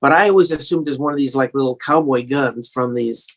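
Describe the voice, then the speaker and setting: A man's voice: medium pitch, fast talker. A man with a slightly English-tinged American accent, a singer-songwriter telling stories in a casual interview, rambling with many fillers and restarts.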